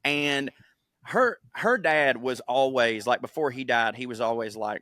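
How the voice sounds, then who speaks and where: Bright-voiced profane male podcast storyteller. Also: medium pitch, a little slow, no room sound, clean studio sound. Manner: animated storyteller, profane, voices quotes in funny put-on tones. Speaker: podcast co-host. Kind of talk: casual chat.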